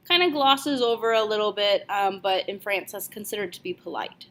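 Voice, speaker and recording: Higher-voiced woman teaching French. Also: a bit bright. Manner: clear, deliberate, repeats phrases slowly. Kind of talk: video language lesson.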